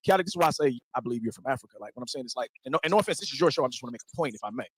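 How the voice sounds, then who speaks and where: Quick-talking man making a point. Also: mid-range voice, lively intonation, husky, dry recording. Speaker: panel participant. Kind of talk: live-stream debate.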